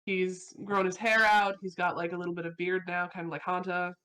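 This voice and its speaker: A woman playing a tabletop game, calmly reading out a written epilogue for her character. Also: fairly low pitch, a little fast. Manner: calm, descriptive storytelling. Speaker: player.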